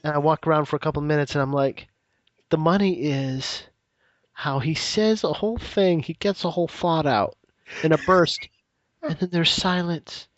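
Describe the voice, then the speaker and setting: A man hosting a casual comedy podcast, animated and laughing often as he breaks down clips. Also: a little high, moderate pace, dry recording, dull audio. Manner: animated, laughing, quotes others in mock voices. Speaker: podcast host.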